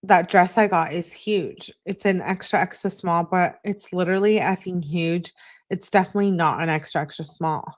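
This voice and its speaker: A woman with a voice on the low side hosts her channel, casually reading text messages aloud in a flat, unhurried voice. She adds short remarks of her own as asides.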